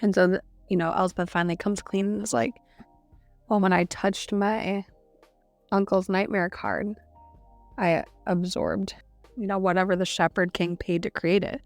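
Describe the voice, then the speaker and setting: A female podcast co-host chats about a novel, recapping scenes casually, full of "like" and quoting characters as she goes. Her medium-pitched voice is steady and at normal speed, with no room sound and soft background music.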